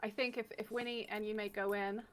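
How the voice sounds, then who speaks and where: A woman's voice: medium pitch, level tone, brisk, slight background noise. Hesitant woman tabletop player. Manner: hesitant, restarting. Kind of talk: casual tabletop game talk.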